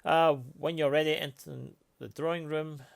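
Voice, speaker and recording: A man's voice: on the high side, flat delivery, normal speed, gravelly. A man playing a story game aloud and reading its text, musing in a hesitant way. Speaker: player.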